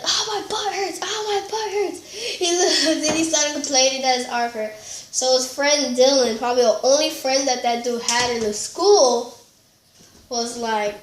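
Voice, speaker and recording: High-pitched rambling woman, echoey room. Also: a little hiss or hum. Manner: rambling and giggly, with many fillers and restarts. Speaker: storytelling vlogger. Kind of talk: casual storytime chat.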